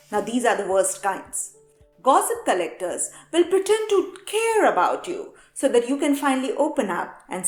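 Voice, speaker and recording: Lively woman vlogger, echoey room. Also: mid-range voice. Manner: lively, acts out little scenes in different voices. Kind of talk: talking-to-camera advice vlog. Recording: echoey room with faint music.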